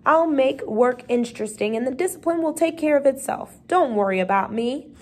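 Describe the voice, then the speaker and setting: A small mouse gentleman, friendly and brisk, sure of himself and always ready to help. A woman reads him aloud from a storybook, her voice sitting a little high. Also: lively intonation. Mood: confident. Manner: friendly, brisk and self-assured.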